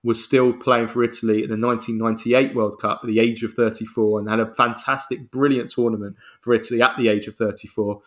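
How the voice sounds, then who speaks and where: Man, podcast co-host, excited football chat, mid-range voice, lots of restarts. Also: medium pitch. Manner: enthusiastic, rapid listing with frequent restarts.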